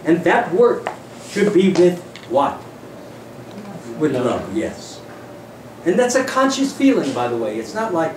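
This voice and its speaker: A man's voice: on the high side, sing-song, slow pace, pauses often. Man, spiritual teacher, earnest devotional lecture, pleading, noisy distant recording. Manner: earnest, pleading, repetitive emphasis. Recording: distant mic in echoey noisy room.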